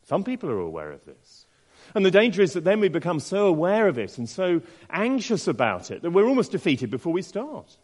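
A man preaching a sermon in an expressive way, asking the listeners many rhetorical questions. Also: sits high, fairly quick. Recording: long reverb in a large hall.

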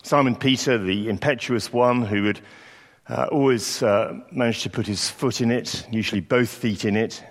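A man's voice: on the low side, fairly even intonation, moderate pace. A man giving a sermon, telling a story in a reflective way and acting out quoted lines. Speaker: preacher. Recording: long hall reverb.

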